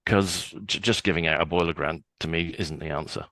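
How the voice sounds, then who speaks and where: A man's voice: deep voice, fairly even intonation, fairly quick, a bit bright, no room sound. A man in his sixties, a guest on a podcast interview, chatty and often repeating words as he starts a sentence.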